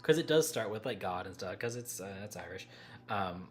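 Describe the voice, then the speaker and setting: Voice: sits low, lively intonation, measured pace, long pauses. A livestream host chatting casually with viewers, rambling, breaking off mid-thought and laughing often.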